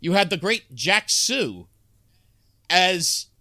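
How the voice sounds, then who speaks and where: A man with a high, sing-song voice that sounds pushed and bright co-hosts a sitcom podcast. His casual chat is halting, with frequent restarts and a lot of laughter.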